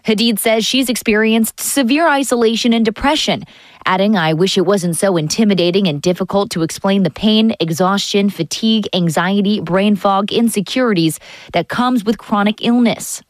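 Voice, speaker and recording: A woman news anchor reading scripted health news in a measured, even way. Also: mid-range voice, no echo.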